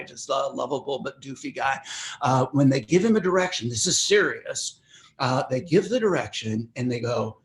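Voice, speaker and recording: Older man presenting a parenting webinar. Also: mid-range voice. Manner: conversational, easygoing teaching with asides. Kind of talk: webinar talk. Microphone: web meeting microphone.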